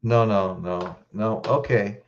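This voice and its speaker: A man's voice: lowish voice, slow pace, lo-fi sound, a little hiss or hum. A man hosting a casual live stream, choked up, greeting viewers in the chat by name and often restarting his sentences.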